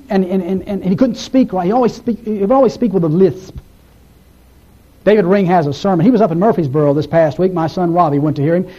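A man's voice: dark tone, muffled recording. A man preaching a sermon in a church, telling a story and lifting his voice when he quotes someone. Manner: storytelling, rising in pitch when quoting. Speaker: pastor.

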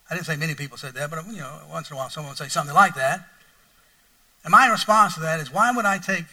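Middle-aged male pastor, high voice, folksy sermon storyteller, heard a bit off-mic. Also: sharp tone, recorded from a distance, low-quality recording. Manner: folksy, repetitive, rising to mock outrage.

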